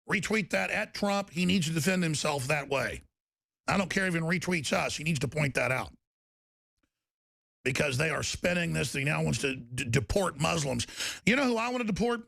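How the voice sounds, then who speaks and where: Man, angry ranting talk show host, super gravelly, kinda high-pitched. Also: a bit bright, no room sound, clean studio sound. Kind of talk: political talk show rant.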